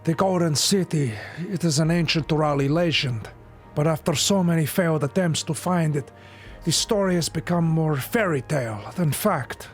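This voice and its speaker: A man's voice: on the high side, moderate pace, voice pushed up, natural voice. A man voicing an earnest, bookish young prince with a put-on Spanish accent. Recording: faint game music behind. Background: faint game music.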